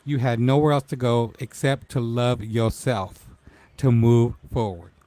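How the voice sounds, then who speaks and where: A man's voice: medium pitch, fairly even intonation, unhurried, warm tone, no room sound. A man in his forties hosting a casual live-stream talk show, emotional and tearful as he speaks to his guest. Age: 40s.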